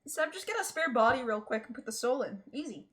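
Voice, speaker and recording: A woman's voice: fairly high pitch, animated, fast talker, fairly bright tone. A woman streaming a game, chatting casually and playfully, laughing often. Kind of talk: casual gaming stream chat.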